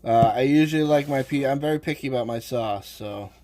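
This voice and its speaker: A man's voice: mid-range voice, fairly quick, dark tone, a little hiss or hum. Chatty man with a Boston accent. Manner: rambling, chatty, talking while working. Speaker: livestream host. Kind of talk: casual cooking livestream chat.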